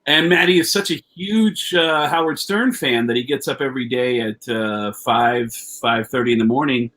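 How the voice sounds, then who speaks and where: A comedian telling a long anecdote, animated, swearing freely and jumping into quoted voices, heard over a video call. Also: male voice, medium pitch, moderate pace. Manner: animated storyteller, acts out quotes with raised voice; profane, rambling with many restarts. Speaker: comedian guest. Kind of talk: storytelling anecdote.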